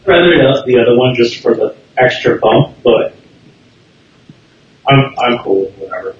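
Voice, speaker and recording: A man's voice: medium pitch, lively intonation, normal speed. Man, easygoing, far from the mic, heavy room echo, lo-fi. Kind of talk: casual chat. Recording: distant echoey lo-fi room sound.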